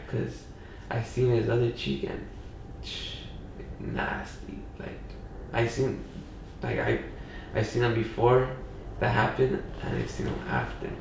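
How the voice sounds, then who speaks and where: Against a noisy background, a young man's mid-range voice has lively intonation, a measured pace, and vocal fry. He's a podcast guest from Pacoima in Los Angeles, telling a casual story in a rambling way, loaded with "you know" and "like." The room is echoey and the mic far away.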